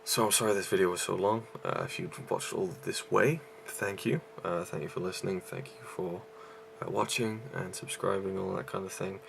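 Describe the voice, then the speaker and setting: A man's voice: deep voice, steady tone, normal speed, vocal fry, few pauses, slight background noise. A man reviewing a movie in a casual vlog, out of breath and rambling with many fillers and restarts.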